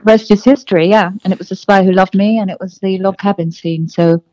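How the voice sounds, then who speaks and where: A woman's voice: medium pitch, steady tone, a little fast, dry recording, highs cut off. An older woman, a singer and actress, telling stories as an interview guest, with fillers along the way. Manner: warm storytelling with fillers, laughs easily. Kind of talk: casual interview.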